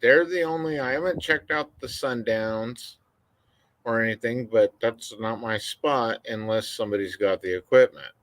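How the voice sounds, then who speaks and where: A man's voice: medium pitch, normal speed, a bit bright, a little hiss or hum. A man joining a casual live-stream chat as a guest, laid-back and matter-of-fact about technical details.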